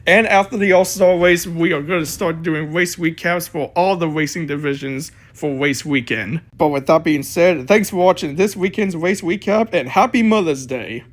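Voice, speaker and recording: A man's voice: a little high, moderate pace, hardly any pauses. A man hosting a casual race recap in a plain, matter-of-fact way. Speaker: host of fan recap.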